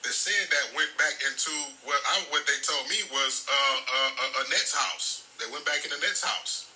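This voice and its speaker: A man's voice: fairly high pitch, moderate pace, pushed and bright, slight background noise, poor audio. A man hosting a live stream, talking bluntly in a streetwise way, swearing freely and rambling with restarts. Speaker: livestream host. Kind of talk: casual live-stream talk.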